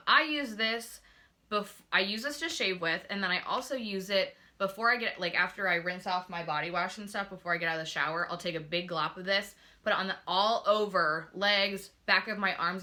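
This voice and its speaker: Chatty young woman with a bright voice. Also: lowish voice. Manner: chatty, gushing, many fillers and restarts. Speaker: beauty vlogger. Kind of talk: casual product review. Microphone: phone camera.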